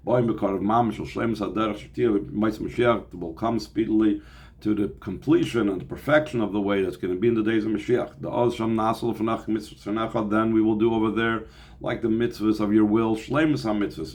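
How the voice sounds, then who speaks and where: A male teacher giving a Torah class. He reads passages aloud in Hebrew, then translates and explains each one, with pauses and restarts as he goes. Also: lowish voice, a little mellow.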